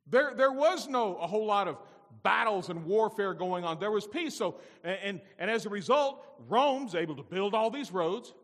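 Male pastor mid-sermon, animated and questioning the congregation, high-pitched, recorded in a reverberant church. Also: moderate pace. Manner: animated preaching with rhetorical questions.

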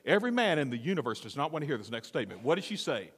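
A male pastor preaching a theatrical, animated sermon, often questioning the congregation. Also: medium pitch, very fast, hardly any pauses, husky, in a large hall.

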